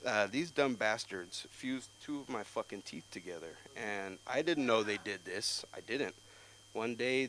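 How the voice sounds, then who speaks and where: A young man doing stand-up at an open mic, telling rambling, profane stories and breaking into loud outbursts. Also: on the low side, a little hiss or hum, poor audio. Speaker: stand-up comic.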